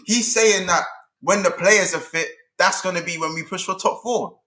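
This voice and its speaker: A young football fan on a panel rants in a heated, casual debate, repeating his points out of exasperation. His voice sits high, pushed and bright, at a normal speed.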